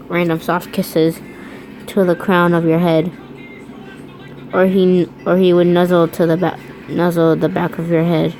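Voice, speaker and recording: Slow, low-voiced woman reading aloud. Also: warm tone, poor audio. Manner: stumbling over words and restarting, breaking off into reactions. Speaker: reader. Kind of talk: reading fan fiction aloud.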